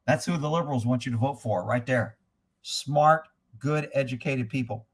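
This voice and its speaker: A man's voice: medium pitch, normal speed, slightly rough. A middle-aged man hosting a casual livestream, blunt and crude, joking and reading viewer comments aloud. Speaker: livestream host reading chat. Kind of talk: casual profane livestream chat.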